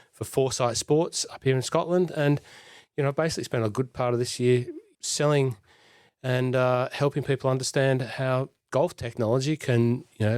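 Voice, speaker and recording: A man's voice: medium pitch, darkish tone, no room sound, studio quality. A middle-aged Australian man co-hosting a podcast in casual chat, rambling and self-deprecating. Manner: rambling, self-deprecating, many fillers and restarts. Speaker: podcast co-host.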